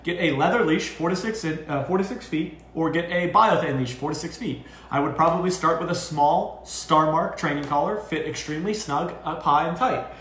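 A man giving casual dog training advice as a co-host, talking in an animated way. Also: brisk, few pauses, slight background noise. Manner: animated, jumps into high acted voices for owners. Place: dog boarding facility room. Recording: echoey room.

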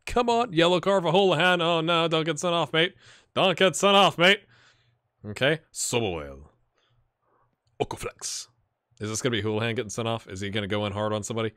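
A man hosting a gaming channel, giving excitable let's-play commentary, cheering on his players and thinking out loud. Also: on the high side, brisk, clear, resonant tone, no echo, clean studio sound. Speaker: video game channel host.

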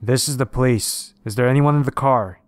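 Man putting on a stern police officer, loud and raised, commanding, urgent orders, storybook horror. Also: medium pitch, no echo, pitched above the performer's own voice, natural voice. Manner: loud, commanding, drawn-out warnings.

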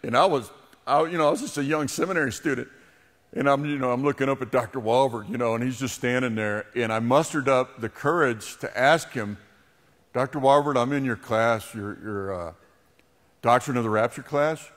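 Middle-aged pastor preaching in a reverberant church hall. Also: male voice, medium pitch, moderate pace, fairly bright tone. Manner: storytelling, then leading a prayer. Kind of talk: sermon. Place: church sanctuary.

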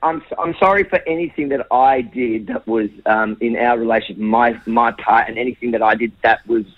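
A man speaking as a guest on a talk radio show, pushing his points emphatically and stumbling over repeated words under pressure. His voice comes through a dull, muffled remote line with no room sound at all, at an average pitch for a man. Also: fairly quick, no echo. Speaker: interview guest. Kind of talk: defensive radio interview answers.

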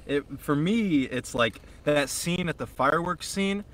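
A man's voice: on the high side, expressive, unhurried, a bit bright, slight background noise. A young man co-hosting a podcast, chatting casually and swearing freely, full of fillers and restarts as he gushes about a film. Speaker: podcast co-host. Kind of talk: casual chat.

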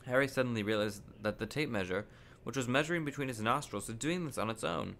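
A man's voice: medium pitch, creaky, slight background noise. Man reading a storybook aloud at home. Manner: steady, unhurried storytelling with small stumbles. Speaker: podcast host reading aloud. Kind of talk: reading a children's novel aloud. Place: living room.

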